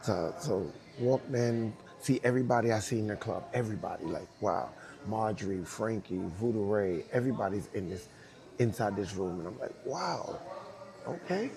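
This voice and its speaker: A man's voice: on the low side, normal speed, a crowd in the background. A man telling a story from his dance career in a casual interview, acting out the voices of people in it and laughing often. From New York. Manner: animated, acts out dialogue, laughs often.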